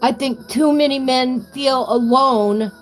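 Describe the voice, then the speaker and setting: A woman's voice: sits high, takes it slowly, soft background music, poor audio. A middle-aged woman hosting a live stream, chatting casually and emotionally with her viewers. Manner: emotional, gushing to chat viewers. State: tearful.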